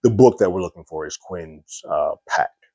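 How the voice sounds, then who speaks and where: Brief: male TV reviewer with a low voice, relaxed recap full of fillers, dry close sound. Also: normal speed, breathy edge, dry recording. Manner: loose recap with frequent fillers, retelling scenes in quoted dialogue. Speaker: TV episode reviewer. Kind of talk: casual spoken review.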